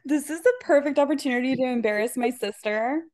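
A woman with a rather high voice hosts a podcast in easy, chatty conversation. She rambles along with plenty of filler words. Her voice sounds close and dry, with no room around it. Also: fairly quick, darkish tone, no echo. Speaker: podcast host. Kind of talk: casual chat.

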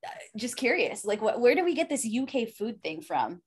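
A woman's voice: on the high side, very animated, normal speed, a little mellow, husky. A woman co-hosting a casual podcast chat, playful and laughing often. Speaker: podcast co-host.

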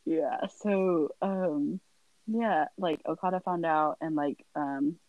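A young woman talking casually on a podcast, telling lively stories and acting out what her parents said. Her voice sits a little low for a woman. The sound is dry and close. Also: takes it slowly, no room sound, narrow, tinny audio. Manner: animated storyteller, acts out family quotes, sighs and laughs often. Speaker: guest.

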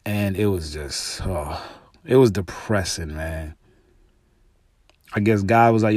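A man's voice: lowish voice, fairly even intonation, measured pace, dry recording, studio quality. A man hosting his own podcast alone, in loose casual speech full of "man" and "you know", getting heated and emphatic when he rants. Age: adult with young children. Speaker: podcast host. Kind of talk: casual solo podcast talk.

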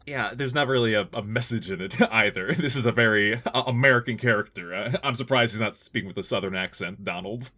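A male podcast co-host chats casually, joking and laughing often. His voice sits on the low side and sounds pushed and bright, and he talks fast with few pauses.

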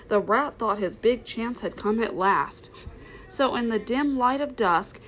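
A woman reading a children's storybook aloud in an expressive, steady narration. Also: mid-range voice, slight background noise, rough recording. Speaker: reader.

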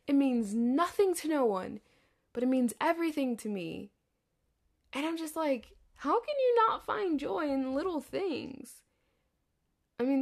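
A woman's voice: sits high, vocal fry. A woman in her thirties rambling candidly in a podcast monologue. She swears freely and laughs often. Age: 30s. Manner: candid, profanity-laced, chatty with frequent laughs. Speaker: podcast host.

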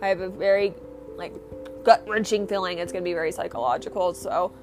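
A woman's voice: medium pitch, fairly even intonation, brisk, music in the background. A young woman hosting her own podcast, rambling and swearing through a casual, enthusiastic rant. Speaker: podcast host.

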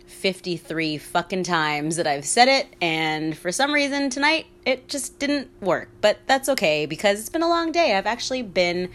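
A woman hosting her own casual solo podcast, talking candidly in a hushed half-whisper, swearing freely and laughing often. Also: mid-range voice, very animated, normal speed, few pauses. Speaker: podcast host.

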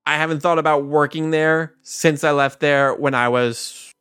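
A man's voice: fairly high pitch, fairly even intonation, normal speed, a bit bright, clear, resonant tone, no room sound, studio quality. A man in his thirties co-hosting a casual podcast, saying "like" a lot. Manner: fills his speech with "like". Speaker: podcast co-host.

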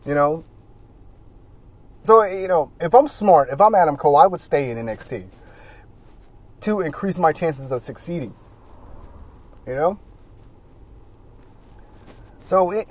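A man giving casual solo commentary as a wrestling reviewer, rambling and animated, with many "you know"s. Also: high-pitched, no echo.

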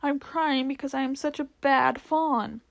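A woman reading a storybook aloud, voicing a guilt-ridden male fawn who talks slowly between sobs and groans. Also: sits high, steady tone, vocal fry. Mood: sobbing. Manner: slow, sobbing, groaning delivery.

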